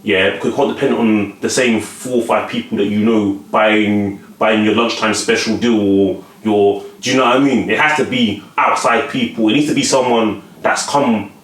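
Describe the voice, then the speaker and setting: A man's voice: fairly low pitch, steady tone, normal speed, hardly any pauses, fairly bright tone. A man giving casual advice straight to camera, repeating and restarting words and often asking whether the listener follows him. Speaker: vlogger giving life advice. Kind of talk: casual motivational monologue to camera. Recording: echoey room.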